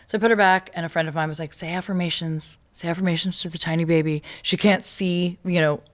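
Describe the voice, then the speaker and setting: A woman hosting a podcast, telling a personal story in casual conversation, animated and often laughing as she acts out what others said. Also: fairly low pitch, quick pace. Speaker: podcast host.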